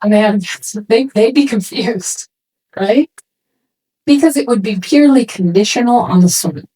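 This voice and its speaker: A woman speaking to a room of swimming parents in a casual, animated way, acting out quoted remarks as she goes. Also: a little high, moderate pace, breathy edge, rough recording. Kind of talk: talk to a parents' session.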